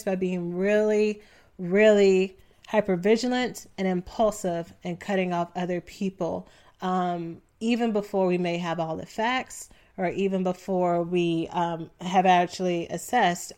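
A young adult woman hosting a solo podcast, talking casually and relaxed, with frequent ums. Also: on the low side. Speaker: podcast host.

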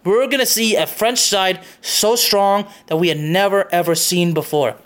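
Emphatic high-voiced man ranting about soccer. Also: fairly even intonation, normal speed, fairly bright tone. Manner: emphatic, repetitive, with frequent "okay?" and swearing. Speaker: soccer show host. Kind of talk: impassioned opinion monologue.

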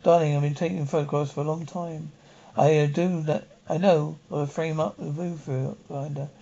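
A teasing photographer husband. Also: male voice, on the high side, flat delivery, moderate pace, gravelly, warm tone. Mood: puzzled. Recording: dull 1960s television soundtrack.

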